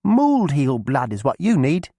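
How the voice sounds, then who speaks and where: Brief: male reader playing a quick-witted young girl in a storybook, pitched up high, loud, persuasive and folksy. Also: huge pitch swings, dry recording, clean studio sound. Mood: coaxing. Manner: eager, persuasive, folksy rustic talk. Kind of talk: audiobook character voice.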